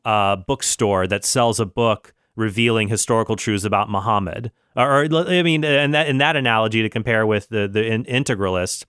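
A man's voice: lowish voice, normal speed, hardly any pauses, fairly bright tone, clear, resonant tone, dry recording, studio quality. A man hosting a Christian podcast, talking solo in an earnest, reasoning way, with frequent restarts.

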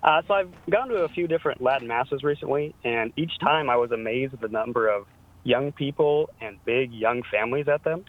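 A man from Kansas calling in to a radio show, friendly and quick. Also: medium pitch. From Salina, Kansas, USA. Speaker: caller. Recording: muffled phone-line sound.

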